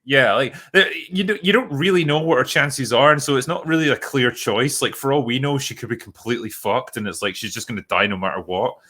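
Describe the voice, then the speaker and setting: Bright-voiced man in sweary film chat. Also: a little fast, hardly any pauses. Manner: sweary, builds scenes like a pitch. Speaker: podcast co-host. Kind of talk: casual film discussion.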